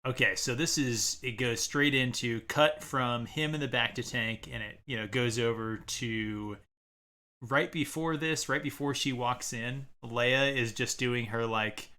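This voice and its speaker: Male co-host, bright tone, chatty and giggly, full of fillers. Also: medium pitch, unhurried. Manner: laughs often, hesitant with many fillers. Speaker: podcast co-host. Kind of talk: casual chat recapping a TV episode.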